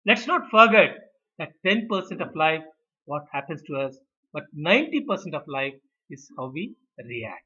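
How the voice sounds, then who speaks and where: A man's voice: on the high side, moderate pace, husky. A middle-aged man, telling management stories and acting out the quoted voices. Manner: animated storyteller, acts out quoted voices. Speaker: speaker on management. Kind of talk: storytelling talk. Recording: dull lo-fi recording.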